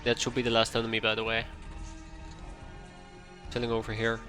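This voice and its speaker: A man streaming a strategy game live, chatting casually to himself as he plays, with quick asides. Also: mid-range voice, completely flat delivery. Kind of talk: casual live gameplay commentary. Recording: faint game music behind.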